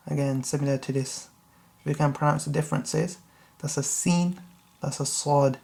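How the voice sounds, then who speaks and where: A man teaching beginner Quran reading. He spells out Arabic letters, recites each word slowly and carefully, and checks in with the learner. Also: medium pitch, little pitch movement, vocal fry, dark tone. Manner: checks in with the learner with a frequent "yeah?". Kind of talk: slow tutorial recitation lesson.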